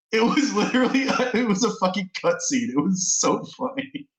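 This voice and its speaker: Man, animated storyteller, casual gaming chat, slightly high voice, roomy echo. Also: moderate pace. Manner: animated storyteller, acts out quotes. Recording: echoey room.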